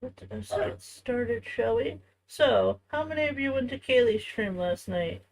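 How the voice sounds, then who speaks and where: On a low-quality recording, a woman chats with her stream viewers from home as she crafts, talking to them while she works. Her voice sits a little high yet gravelly and darkish in tone, animated but at a measured pace.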